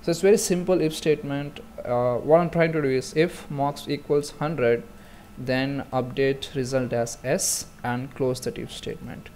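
A man's voice: medium pitch, steady tone, moderate pace, a little mellow, a little hiss or hum. Guy doing a chill coding tutorial, lots of uh and restarts, normal mid voice. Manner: casual, talks through steps with many fillers and restarts. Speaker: programming tutor. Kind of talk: screen-recorded coding tutorial.

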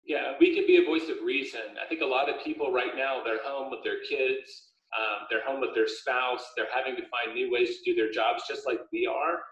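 A man, an author speaking as a guest, chatting casually on a video call with a steady, upbeat, explanatory manner. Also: medium pitch, normal speed, hardly any pauses. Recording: echoey room, dull lo-fi audio.

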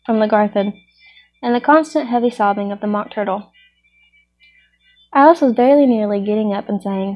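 A woman reading a storybook aloud in a steady storytelling manner. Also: medium pitch, a little fast. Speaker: reader. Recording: muffled lo-fi recording.

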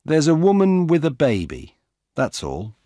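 A man voicing a male police officer who gives brisk orders. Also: a little high, huge pitch swings, warm tone, no echo, studio quality, voice pushed up.

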